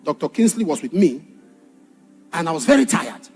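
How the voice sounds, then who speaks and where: A man preaching a sermon and telling a personal testimony, dramatic, shouting some points and dropping low on others. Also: sing-song, normal speed, soft background music. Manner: dramatic, shouts for emphasis then drops low. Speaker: pastor.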